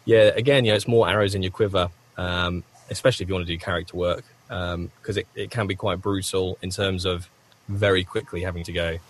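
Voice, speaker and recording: Rambling low-voiced man. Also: steady tone, brisk, a little hiss or hum. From United Kingdom. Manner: rambling, self-correcting, frequent coughs. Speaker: voice actor guest. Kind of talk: conversational interview answers. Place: home recording booth.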